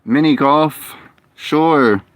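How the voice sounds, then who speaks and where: A man's voice: on the high side, very slow, a little hiss or hum. A man streaming a game live, muttering and complaining in frustration as he plays. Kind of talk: live gameplay commentary.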